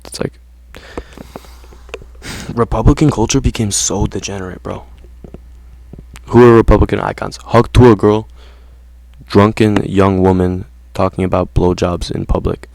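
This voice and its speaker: A man's voice: on the low side, fairly even intonation, measured pace, gravelly, pauses often, darkish tone, no echo. A man ranting casually to his viewers in slangy, profane talk, saying "bro" constantly. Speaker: vlogger. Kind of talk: casual rant to camera.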